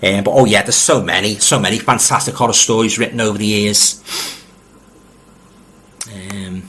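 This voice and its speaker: This middle-aged Liverpudlian hosts a casual live stream, reading out comments, rambling along, and often repeating words when he restarts. He talks at normal speed in a low-leaning, slightly bright voice with fairly even intonation, friendly and addressing viewers directly.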